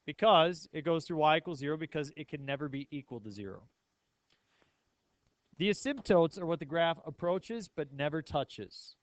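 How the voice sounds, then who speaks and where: A man's voice: fairly high pitch, expressive, normal speed, no room sound. Playful male math teacher, dry sound. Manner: playful, asks the class many questions. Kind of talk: classroom lecture.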